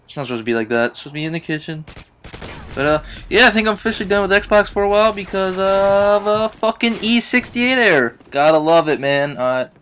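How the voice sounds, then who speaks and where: A man's voice: sits high, expressive, brisk, fairly bright tone, slight background noise. A man giving casual gameplay commentary, venting his frustration in rambling, profane talk full of fillers. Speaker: gaming video uploader.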